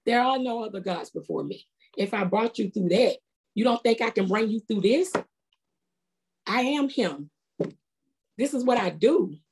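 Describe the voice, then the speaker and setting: A woman's voice: fairly high pitch, lively intonation, unhurried, pauses often, a little mellow, slightly rough, voice pushed up, exaggerated voice. A woman voicing God as a reassuring, confident divine voice that talks casually and with emphasis.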